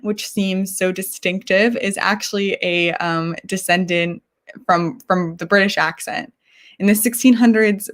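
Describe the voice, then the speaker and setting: A woman from New York giving a live online presentation, explaining in a chatty way with frequent pauses. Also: mid-range voice. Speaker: guest presenter.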